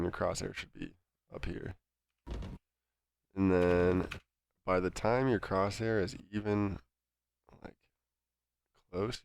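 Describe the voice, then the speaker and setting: Deep-voiced male coach with a gravelly, congested sound, dry close mic, talking through gameplay. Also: no echo. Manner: calm, instructive, with many fillers. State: stuffy nose. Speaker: game coach. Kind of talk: coaching review commentary.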